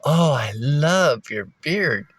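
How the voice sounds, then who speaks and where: A man's voice: animated, drawn-out words, a bit bright, dry recording, exaggerated voice. A man voicing a surprised young female barista in a raised, exclaiming voice. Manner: high exclaiming voice.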